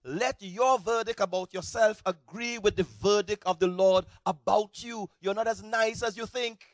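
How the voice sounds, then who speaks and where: A male pastor preaching with a strikingly high voice, recorded close and bone-dry. He drives his points with sudden shouted bursts, then drops low and quiet for asides. The delivery is animated and full of swings. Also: moderate pace, no echo. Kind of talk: sermon.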